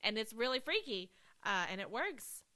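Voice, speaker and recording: A woman co-hosts a casual film podcast with a bright, forward voice. She talks with gushing enthusiasm, leaning on "like" and "um" as she goes. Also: fairly high pitch, very animated, moderate pace. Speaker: podcast co-host. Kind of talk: casual movie podcast chat.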